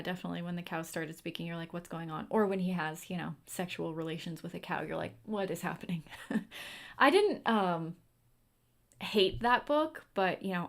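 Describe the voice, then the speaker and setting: A woman's voice: on the low side, gravelly. A young woman hosting a livestream in a casual, chatty way, answering viewer comments as she goes. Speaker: livestream host. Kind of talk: casual chat.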